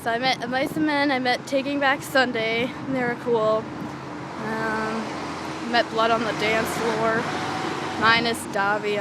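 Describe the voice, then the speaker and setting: A young woman telling a rambling, excitable story in a casual vlog, swearing freely, recorded outdoors near a street. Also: on the high side. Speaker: vlogger. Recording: traffic noise from outdoors.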